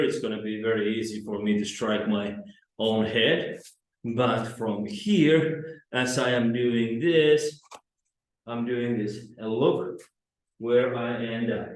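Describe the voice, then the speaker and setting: A man, teaching self-defense drills to camera in slow, halting instruction. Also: medium pitch. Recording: very echoey training room.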